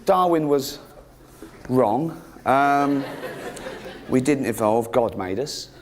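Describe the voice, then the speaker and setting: A man doing a stand-up routine, sardonic and mocking, often jumping up into a high, exasperated pitch. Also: lively intonation, takes it slowly, background noise. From England. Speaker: stand-up comedian. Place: theatre stage with live audience.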